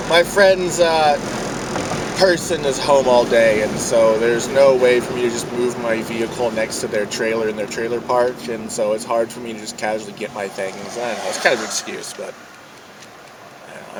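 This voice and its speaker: A man vlogging from his car in a parking lot, ranting sarcastically and swearing, breaking into mocking high yells. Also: background noise. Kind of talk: casual vlog ranting while driving.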